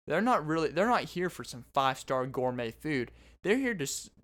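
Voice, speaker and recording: A man's voice: fairly high pitch, sing-song, moderate pace, a bit bright. A man in his twenties hosting a podcast, telling stories in a rambling, self-interrupting casual monologue. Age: 20s. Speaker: podcast host.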